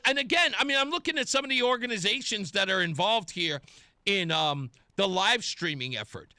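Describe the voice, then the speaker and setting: A male talk radio host with a high, bright voice that leaps around as he speaks. He talks slowly and sarcastically, full of indignation. The studio sound is dry and close, with faint music underneath. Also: no room sound. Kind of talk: political talk radio commentary.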